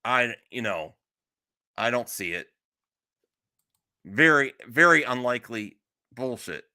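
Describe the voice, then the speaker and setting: Bright-voiced, blunt streamer man. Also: medium pitch, lively intonation, takes it slowly. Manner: blunt, exasperated, swears freely. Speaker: streamer host. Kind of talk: casual live-stream chat.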